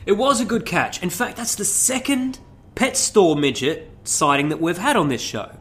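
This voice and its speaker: Wry, lively-voiced podcast co-host man. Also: sits high, moderate pace. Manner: wry, deadpan quips. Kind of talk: casual comedy podcast chat.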